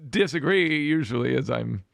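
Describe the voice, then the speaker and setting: A man's voice: medium pitch, animated, normal speed, gravelly, fairly bright tone, dry recording, studio quality. A man hosting a podcast in a casual, lighthearted and joyful way. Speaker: podcast host. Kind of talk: casual conversation.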